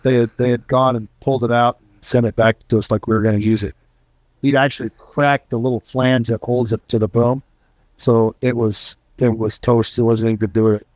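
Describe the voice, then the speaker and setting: A man's voice: medium pitch, level tone, a little fast, a little mellow, no echo. A middle-aged man, a retired military pilot and author, telling casual war stories to an audience and acting out the voices of the people in them. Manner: storytelling, acts out quoted voices.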